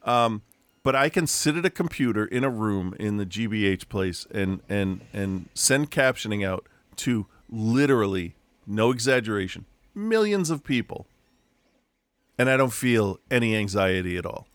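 At a fairly low pitch with lively intonation and a moderate pace, this middle-aged podcast co-host rambles through stories from his home room, often restarting and laughing. It's casual chat, and there's no echo.

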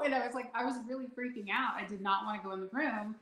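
A woman guest telling personal stories in a conversation, animated and laughing often as she acts out what people said. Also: on the high side, fairly quick, roomy sound, low-quality recording. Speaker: intuitive guest. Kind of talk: storytelling in a conversation.

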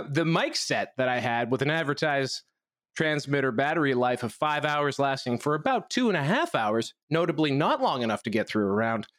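A man's voice: mid-range voice, sing-song, normal speed, a bit bright, no room sound, studio quality. A man from Canada co-hosting a casual podcast chat, telling stories in a rambling, self-deprecating way. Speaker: show co-host.

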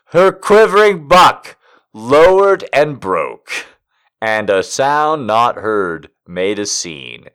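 Man, comic reading of erotic poetry, keeps cracking up; lively pitch, unhurried delivery. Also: clear, resonant tone. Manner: laughing, incredulous asides between lines. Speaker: comedic reader.

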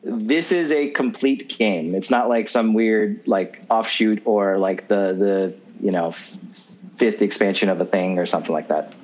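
A man as a guest on a video call, giving measured, deliberate answers to quiz questions. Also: lowish voice, lo-fi sound. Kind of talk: casual chat.

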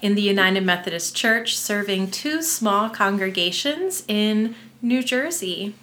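A woman's voice: medium pitch, animated, unhurried, a bit bright. A woman guest on a casual podcast chat, a church elder who talks in a friendly, chatty way. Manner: friendly, chatty, laughs easily.

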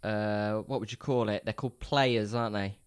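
A man's voice: on the low side, steady tone, moderate pace, clear, resonant tone. A man co-hosting a casual podcast with laid-back, chuckling banter. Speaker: podcast co-host.

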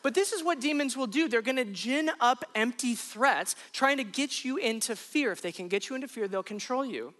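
A woman's voice: fairly high pitch, animated, moderate pace, few pauses, fairly bright tone. A woman pastor preaching, telling a personal story in a loose, conversational way with frequent restarts. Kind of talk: sermon told as a personal story.

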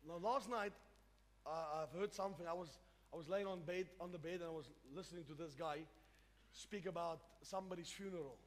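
A man's voice: on the high side, a little fast. A man preaching a sermon, emphatic and repetitive, often restarting his phrases. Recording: reverberant hall with faint music.

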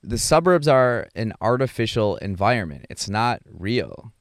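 A young adult man talking casually about his dating life, halting often with fillers and restarts and chuckling between thoughts. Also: fairly low pitch, sing-song, no room sound, clean studio sound. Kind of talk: casual rambling monologue.

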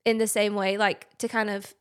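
A woman's voice: medium pitch, flat delivery, normal speed. A young woman, a podcast guest talking earnestly in a casual conversation. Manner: earnest, many "like" fillers.

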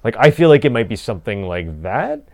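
A young man with a low voice talks through gaming news in a loose, rambling way, full of "like" and restarts. The sound is dry and close, with no room around him. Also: sing-song, fairly quick, gravelly, dry recording. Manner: rambling with many fillers and restarts. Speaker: podcast co-host. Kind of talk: casual gaming news chat.

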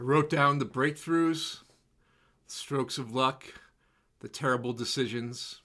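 A man preaching a sermon in a slow, measured, reflective way, letting repeated words fall soft and quiet. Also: medium pitch.

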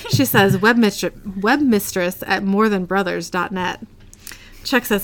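A woman's voice: mid-range voice, sing-song, normal speed, fairly bright tone. A woman co-hosting a podcast, retelling a TV episode scene by scene and quoting the characters' lines. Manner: reads scenes aloud, quoting lines in a lightly acted way. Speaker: podcast co-host recapping an episode.

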